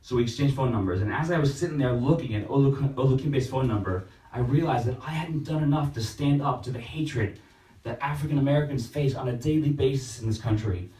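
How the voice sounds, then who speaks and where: A young man works through a stand-up set at an open mic, telling his stories deadpan and then breaking into exaggerated voices. His voice sounds roomy and a little distant, caught on a phone livestream. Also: medium pitch, fairly quick. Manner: deadpan storytelling, shifting into exaggerated put-on voices. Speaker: stand-up comedian. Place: small open-mic room.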